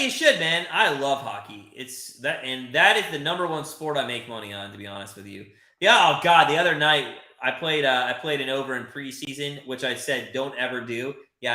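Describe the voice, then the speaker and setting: A man hosting a live sports watch-party stream, chatty and excitable, swearing now and then and talking to viewers in the chat. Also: mid-range voice, reverberant. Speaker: livestream host.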